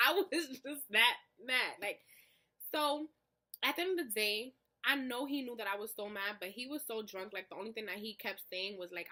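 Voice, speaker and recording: Bright, animated young woman telling a story. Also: high-pitched. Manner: animated, profane storytelling with lots of "like"; acts out both sides of quoted arguments. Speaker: vlogger. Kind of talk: storytime vlog.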